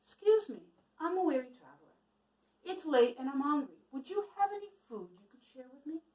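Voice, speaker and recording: A weary, hungry traveler, put on by a woman, who talks politely and coaxes folks into sharing. The voice sits high and moves a lot. It is heard from a distance in a roomy space. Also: animated, a little fast, a little mellow, slight background noise. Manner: polite, coaxing. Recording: echoey room from a distance.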